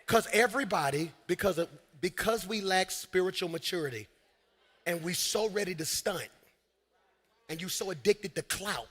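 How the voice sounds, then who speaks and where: A man preaching a live sermon, energetic, shouting at peaks and calling out to the congregation. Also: sits high, normal speed, breathy edge. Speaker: senior pastor. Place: large church hall. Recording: live hall with long reverb.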